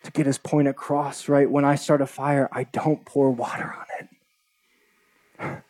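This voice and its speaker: A man's voice: medium pitch, little pitch movement, slow pace, a little mellow. A man preaching a sermon, reading a long scripture passage aloud with conversational asides. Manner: earnest, conversational asides between read verses. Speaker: pastor.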